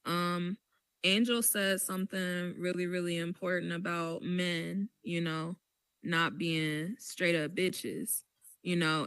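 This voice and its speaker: A woman's voice: fairly low pitch, a bit bright, clear, resonant tone, no room sound. A woman hosting a podcast, telling a story with emphasis and animation. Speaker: podcast host. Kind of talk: casual podcast chat.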